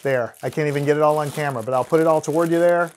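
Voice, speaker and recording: A man's voice: on the high side, racing, a little mellow, a little hiss or hum. A man teaching physics, explaining hands-on demonstrations step by step and counting down before each one. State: out of breath at times from blowing. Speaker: science teacher.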